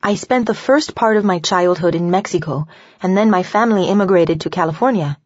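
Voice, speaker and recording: A woman's voice: fairly low pitch, a little fast, no echo, lo-fi sound, close to an everyday voice. A woman narrator voicing a polite, nervous young woman who speaks carefully.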